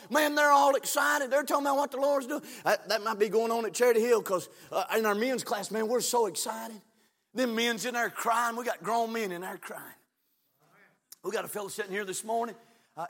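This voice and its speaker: High-voiced shouting preacher. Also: male voice. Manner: shouting, drawn-out emphasis, folksy. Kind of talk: fiery Baptist sermon. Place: church sanctuary. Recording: long church hall reverb.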